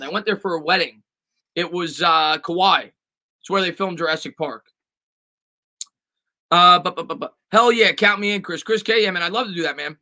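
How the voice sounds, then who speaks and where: A man's voice: sits high, pushed and bright, low-quality recording. A man hosting a casual live sports stream, reading viewer questions aloud and answering with lots of fillers and restarts.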